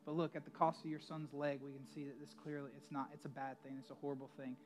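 A man's voice: medium pitch, little pitch movement, fast talker, lightly acted. A man voicing nosy, gossiping neighbors who overstate every turn of luck in a sermon story. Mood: gloomy. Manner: exclamatory, overstated.

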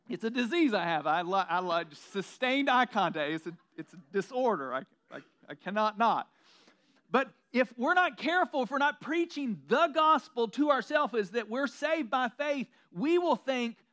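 This pastor preaches in a conversational, self-deprecating style, now and then slipping into mocking quoted asides. His male voice is very high-pitched and a bit bright.

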